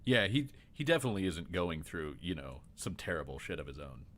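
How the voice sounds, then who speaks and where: Deep-voiced man running a tabletop game. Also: sing-song, fairly bright tone. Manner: rambling, halting narration with many fillers. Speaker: game master.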